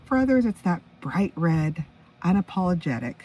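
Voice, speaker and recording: A woman's voice: fairly low pitch, sing-song, normal speed, darkish tone, recorded from a distance, rough recording. Chatty woman in her fifties hosting a podcast. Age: 50s. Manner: chatty, enthusiastic, stops to react to her own notes. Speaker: podcast host. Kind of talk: casual solo podcast chat.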